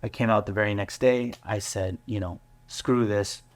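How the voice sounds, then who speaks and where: A man, a business owner, telling his story in an interview, earnest and halting with many fillers and restarts. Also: on the low side, steady tone. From United States. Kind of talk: candid interview talk.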